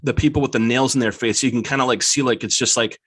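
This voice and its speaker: A man's voice: mid-range voice, steady tone, fast talker, fairly bright tone, slight background noise. A man guest on a podcast, rambling casually about a movie, filling nearly every phrase with "like" and laughing easily. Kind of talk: casual chat.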